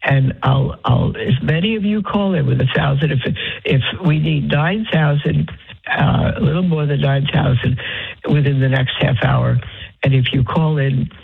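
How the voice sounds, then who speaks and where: A nun who is unwell and short of breath makes a halting, pleading fundraising appeal over the phone from her bed. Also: deep voice, creaky, breathy edge, faint music behind. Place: lying in bed in her convent cell. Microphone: phone line. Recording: tinny phone line.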